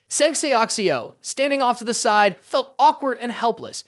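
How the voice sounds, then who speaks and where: A narrator reading a scripted story recap in a brisk, even storytelling manner. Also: medium pitch, no room sound, clean studio sound.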